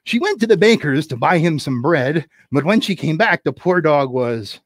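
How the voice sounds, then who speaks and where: A playful man chatting his way through a livestreamed puppet show, humming and singing little asides as he works. His voice rises and falls in a lively way, and the sound is close and dry with little room echo. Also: a little high, normal speed. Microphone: camera on a desk.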